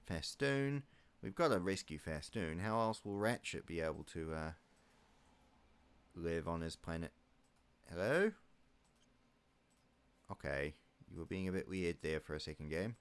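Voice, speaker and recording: Low-voiced man rambling over gameplay. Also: normal speed, clean tone. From New Zealand. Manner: rambling, wry asides, mutters menu clicks to himself. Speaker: gaming YouTuber. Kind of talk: casual let's-play commentary.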